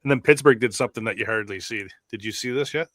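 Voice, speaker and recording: A man's voice: fairly low pitch, fast talker, fairly bright tone, no room sound. A man co-hosting a football podcast, chatting casually and swearing now and then as he explains news to listeners. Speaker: podcast co-host. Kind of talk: casual chat.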